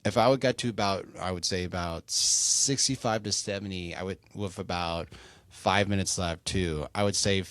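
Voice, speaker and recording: A man's voice: sits low, normal speed, no room sound. A young man hosting a solo sports podcast, rambling casually with lots of fillers and swearing. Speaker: podcast host.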